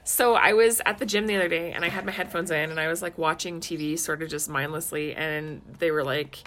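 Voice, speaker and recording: A woman's voice: deep voice, steady tone, a little fast, few pauses, fairly bright tone, a little hiss or hum. Thirties woman, mom and podcast co-host; loose, laughing, rambling casual chat. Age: 30s. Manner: chatty, laughs often, lots of "like" fillers.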